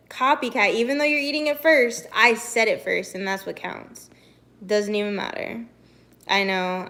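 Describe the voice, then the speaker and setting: A woman's voice: on the high side, a bit bright. A young woman streamer in casual live-stream chat, bubbly and rambling, with lots of "like". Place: home, walks to the kitchen.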